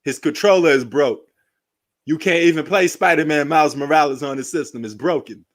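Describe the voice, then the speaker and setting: A New York man with a brisk, fairly high voice commentates a basketball game live in a casual way. As a sports live-stream host, he rambles, cracks jokes, and laughs often.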